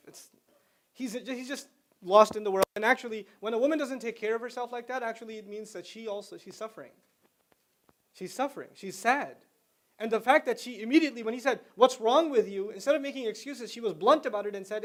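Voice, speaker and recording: A man's voice: extremely high pitch, a little fast. A middle-aged man giving a religious lecture to students in a conversational way, explaining terms and slipping into slang. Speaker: Islamic lecturer.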